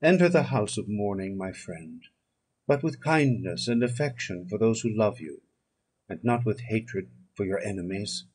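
A man reading a classic novel aloud as audiobook narration, in a measured, solemn manner. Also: lowish voice, animated, a little mellow, husky. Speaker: audiobook reader.

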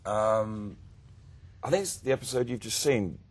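A man's voice: fairly low pitch, a little slow. An English man, an actor guest, chatting in a self-deprecating, joking way with hesitant restarts. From England. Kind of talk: casual interview chat.

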